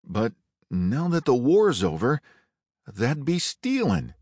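A man's voice: medium pitch, sing-song, normal speed, no echo, clean studio sound, pitched above the performer's own voice. A man voicing a Union stagecoach driver who keeps protesting indignantly.

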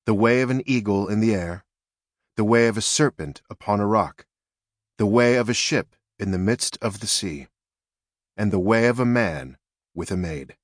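The speaker is a man reading an audiobook, his lowish voice steady and even as he tells the story. The sound is studio quality with no echo.

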